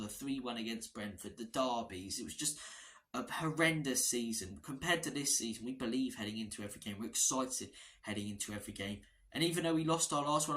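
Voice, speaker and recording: A man hosting a football fan channel, talking through his team's tactics in a passionate, chatty way. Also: medium pitch. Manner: passionate, chatty, repeats words when excited. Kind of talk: casual fan analysis vlog.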